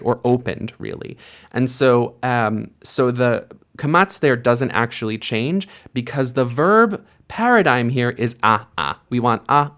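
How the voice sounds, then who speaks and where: A man's voice: medium pitch, a bit bright. A man teaching a recorded grammar lesson, explaining patiently and sounding out example words with careful stress. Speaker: Hebrew teacher.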